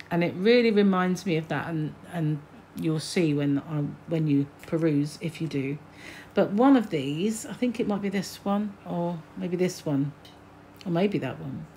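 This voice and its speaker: A woman's voice: lowish voice, darkish tone, slight background noise. Chatty older British woman musing aloud. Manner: chatty, reads snippets aloud with musing asides. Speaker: crochet channel host. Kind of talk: casual magazine flick-through chat.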